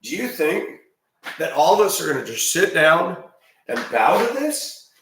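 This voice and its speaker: A man's voice: fairly high pitch, big pitch swings, a little slow, fairly bright tone, distant mic. Man, 50s, ranting monologue in a very echoey room, set back from the mic, faint hiss. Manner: emphatic and rambling, with repeated restarts. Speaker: video commentator.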